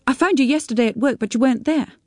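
A woman's voice: high voice, quick pace, a little mellow, no echo, clean studio sound, voice pushed up, close to an everyday voice. A woman reading a story on the radio, voicing a worried young daughter who pleads anxiously. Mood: worried pleading.

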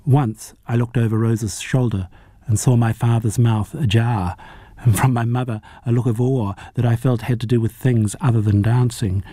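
A man narrating a novel as an audiobook reader, in a measured, even storytelling manner. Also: medium pitch, no echo, studio quality. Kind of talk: audiobook reading.

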